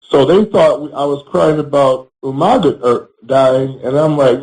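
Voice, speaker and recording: A man, a former pro wrestler, giving a candid interview. He speaks bluntly, swears freely, and pauses often on fillers. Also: medium pitch, darkish tone, poor audio. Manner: frequent fillers and restarts. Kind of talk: candid storytelling.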